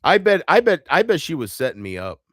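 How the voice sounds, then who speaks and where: Rambling, swearing man with a lively voice. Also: fairly high pitch, a little fast, slightly rough, no echo, studio quality. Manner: rambling, profane, self-deprecating, laughs often. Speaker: livestream host. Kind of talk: rambling live chat.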